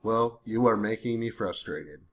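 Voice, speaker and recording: A man's voice: on the low side, unhurried. A man talking to a voice assistant, saying punctuation aloud and questioning it with growing irritation. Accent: says he has a weird accent. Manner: speaking punctuation aloud, testing and bantering; grows irritated, curses. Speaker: user testing a chatbot. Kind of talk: dictating to a voice assistant.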